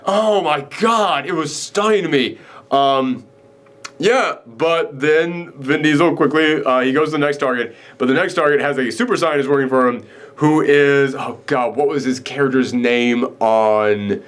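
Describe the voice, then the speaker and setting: A man's voice: mid-range voice, normal speed, fairly bright tone. A man hosting a casual film reaction chat, ranting and rambling with lots of fillers, acting out quoted lines in mock voices. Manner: rambling with many fillers and restarts. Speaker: podcast host reviewing a film.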